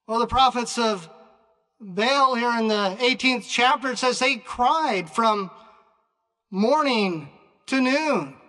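A man preaching a sermon in a slow, deliberate way, with frequent pauses and restarts. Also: very high-pitched, lively intonation, sharp tone. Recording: long reverb of a large hall.

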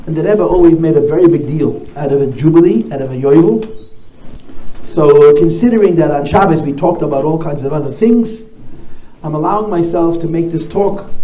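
A man giving a talk as a rabbi, telling stories in an animated way and repeating key phrases. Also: a little high. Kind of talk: storytelling talk at a gathering. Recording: echoey room, faint noise.

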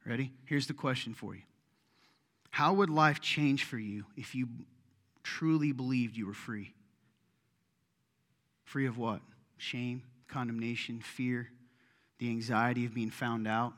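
A man's voice: mid-range voice, a little slow, long pauses. Conversational male pastor preaching in a hall. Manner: conversational, joking, animated preaching. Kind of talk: sermon. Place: church sanctuary. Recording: echoey hall, soft guitar behind.

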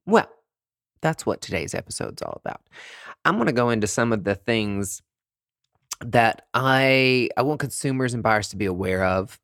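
A man's voice: medium pitch, animated, moderate pace, fairly bright tone, no echo, studio quality. A young man hosting a podcast, talking in a sassy, campy way with big swooping emphasis. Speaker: podcast host and aesthetic provider. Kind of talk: casual monologue.

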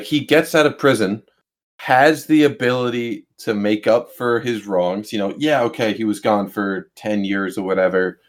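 A man co-hosting a casual film chat, ranting in an exasperated, profane way. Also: fairly low pitch.

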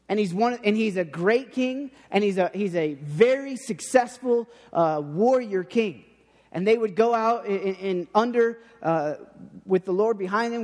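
Male preacher, high voice, informal and rambling, hall reverb. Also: darkish tone. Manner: chatty, repeats words and restarts, acts out quoted speech. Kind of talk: casual sermon.

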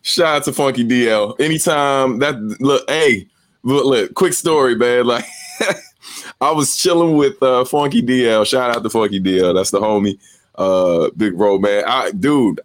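A man with a relaxed, slangy delivery, chatting and telling stories as a podcast co-host. His voice is mid-pitched, and the sound is dry and close, with no room in it. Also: no echo. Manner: laid-back slangy storytelling, frequent laughter. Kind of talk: casual chat.

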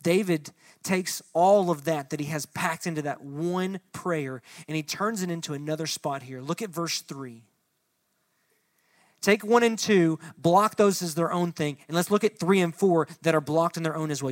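A man's voice: moderate pace, no echo. Young male pastor, conversational sermon, dry close sound, dynamic delivery. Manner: shifts from soft and low to loud and impassioned when reading the psalm; addresses the room directly, conversational asides. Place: church hall before a congregation.

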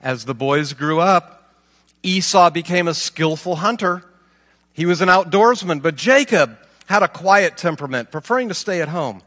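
A man's voice: fairly high pitch, animated, normal speed, a bit bright, big-room sound. A man reading scripture aloud and stopping to comment with rhetorical questions. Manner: reads aloud, then asks rhetorical questions. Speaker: Bible teacher.

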